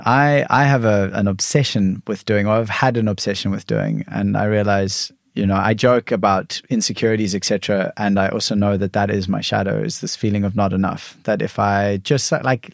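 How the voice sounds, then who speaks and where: A man's voice: lowish voice, steady tone, normal speed, creaky, no room sound, clean studio sound. A man hosting a podcast, talking reflectively about his own experiences and often restarting phrases as he searches for words. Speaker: podcast host. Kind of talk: reflective conversational storytelling.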